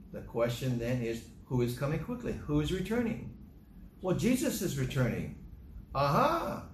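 A man preaching a sermon, reading scripture aloud and stressing key verses with rising emphasis. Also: darkish tone. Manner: emphatic, rises in pitch on key scripture lines. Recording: echoey room with faint ambient noise.

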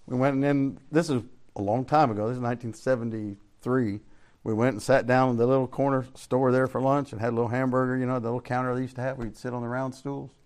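A man's voice: mid-range voice, fairly even intonation, fast talker, darkish tone, smooth. An older man from Central Florida, teaching a Bible class in a preaching style, telling folksy stories, asking rhetorical questions and chuckling often.

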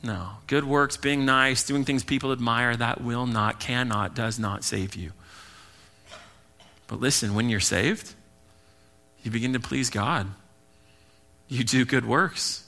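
A male pastor preaching an earnest, emphatic sermon, slipping into quick acted asides. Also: medium pitch, pushed and bright.

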